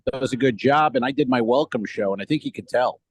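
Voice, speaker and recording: A man's voice: medium pitch, quick pace, slightly rough, dry recording, low-quality recording. A man co-hosting a comedy podcast in casual chat, rambling through stories, swearing and laughing as he goes, talking over a remote call. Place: remote call from a cruise ship.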